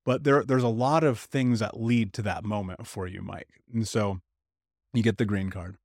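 A man hosting a podcast interview, reflective and measured, with casual swearing. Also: lowish voice, steady tone, no room sound, clean studio sound. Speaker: podcast host. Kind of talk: conversational interview.

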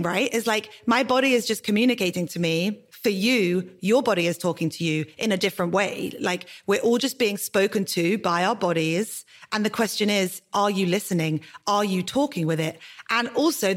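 A woman's voice: medium pitch, normal speed, few pauses. Fiery, passionate woman podcast host. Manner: fiery, passionate, swears casually. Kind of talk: candid interview conversation.

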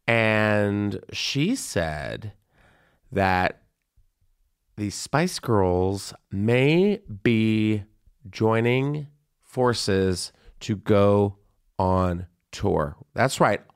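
A man hosting a casual podcast, gossiping in an animated way. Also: lowish voice, extremely slow, clean tone. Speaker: podcast host. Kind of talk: casual chat.

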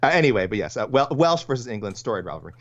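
On a laid-back sports podcast, this Canadian co-host rambles quickly and keeps correcting himself partway through sentences. He sounds very animated in a mid-range voice, over a muffled recording with slight background noise.

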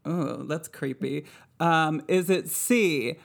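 A woman hosting a casual podcast chat. She speaks at an easy, unhurried pace and keeps a playful tone, breaking into laughter and rambling asides. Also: deep voice. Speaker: podcast host.

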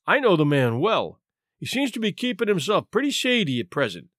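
A man voicing a quiet, wry, shabby gentleman. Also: high-pitched, sing-song, fairly quick, no echo, studio quality.

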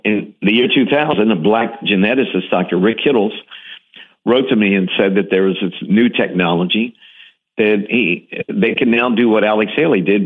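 A fairly low-voiced man talks eagerly about his work, pressing hard on key words and often circling back to restart his sentences. The sound is squeezed through a narrow, phone-like band, as if heard down a radio line. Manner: enthusiastic, emphatic, with frequent restarts. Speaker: interview guest, TV series host. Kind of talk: animated storytelling in an interview.

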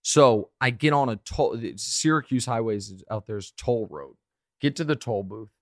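Male podcast host, thirties, mid-range voice, dry close mic, animated storyteller. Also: mid-range voice, dry recording. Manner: animated storyteller, quick asides. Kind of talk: casual podcast chat.

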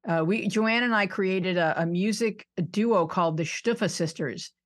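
Speaking at a normal speed in a mid-range voice, a woman from suburban Buffalo, New York, who is in her sixties, chats casually on a podcast interview. She laughs often and is self-deprecating.

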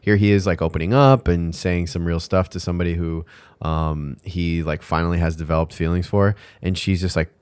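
A man with a very low, deep voice co-hosts a podcast in easygoing chat. He is playful and laughs often. The recording is close and dry, with no room sound. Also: fairly even intonation, brisk, a little mellow, clear, resonant tone, no room sound. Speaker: podcast co-host. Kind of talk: casual chat.

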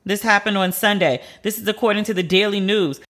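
Bright-voiced woman ranting bluntly. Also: mid-range voice, a little fast. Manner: blunt, profane, incredulous. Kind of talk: casual TV and news commentary.

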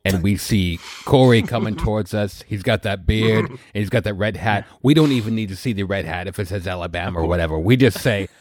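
Low, wry male co-host. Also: fairly quick, few pauses, dry recording. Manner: wry, deadpan, sardonic asides. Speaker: podcast co-host as Moses. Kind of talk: comedic podcast banter.

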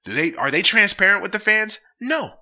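Man, podcast host, profane ranting, sharp bright tone, slightly high voice. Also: lively intonation, normal speed. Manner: sincere, thankful sign-off. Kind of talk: casual sports podcast chat.

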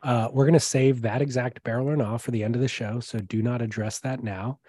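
A man's voice: medium pitch, fairly even intonation, brisk, dark tone, husky, no room sound. Laid-back male podcast co-host, dry mic. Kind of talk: casual chat.

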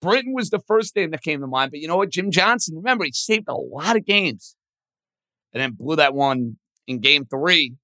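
A sports radio host with a bright, forceful voice whose pitch swings freely as he thinks aloud through trivia questions. He talks casually and pokes fun at himself. The sound is close and dry, with no room around it. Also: normal speed, no echo. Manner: animated, thinks out loud, self-deprecating.

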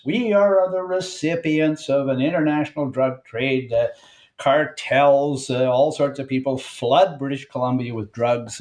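A man with a lively voice that rises and falls a lot, delivering political commentary on the radio. He talks like a storyteller and slips in dry, humorous asides as he goes. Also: mid-range voice. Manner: animated storyteller, wry asides. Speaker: political columnist, regular guest.

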